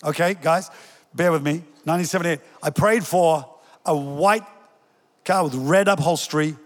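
A man's voice: on the high side, moderate pace, long reverb tail. An older male pastor giving a sermon in a conversational way, joking with the congregation and telling stories. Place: church hall.

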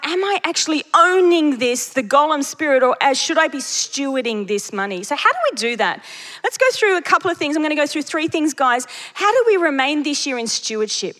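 Woman, preacher, high voice, lively storytelling sermon, long hall reverb. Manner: lively storytelling, laughs at her own jokes.

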